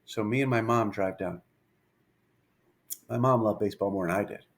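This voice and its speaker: A man in his fifties, a pitching coach telling a story in an interview, lively and anecdotal, acting out bits of dialogue. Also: moderate pace, a little hiss or hum.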